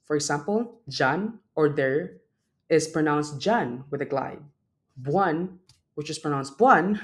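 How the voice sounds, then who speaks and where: Young male student presenter reading a prepared class talk and sounding out example words. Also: on the high side. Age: young adult.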